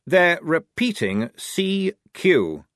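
A man voicing a fussy, prim young army officer who talks in a brisk, precise, self-satisfied way. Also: fairly high pitch, big pitch swings, fairly bright tone, dry recording, studio quality, pitched above the performer's own voice, heavily acted. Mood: crisp. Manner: brisk, precise, pleased with himself.

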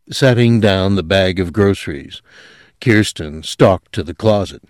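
A man narrating an audiobook in an expressive, dramatic reading style. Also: deep voice, a little slow, no echo, studio quality.

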